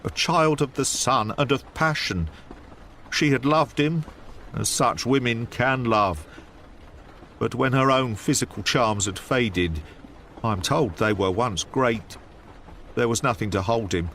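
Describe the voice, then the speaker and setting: A man's voice: medium pitch, a little slow, fairly bright tone, slight background noise. A man reading an audiobook, voicing a thin, nervous male estate manager who shoots out short, breathless sentences. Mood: agitated.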